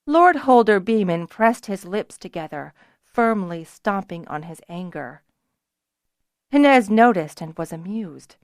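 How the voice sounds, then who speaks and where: A woman reading a fantasy novel aloud as an audiobook narrator, measured and even. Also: mid-range voice, dry recording, clean studio sound.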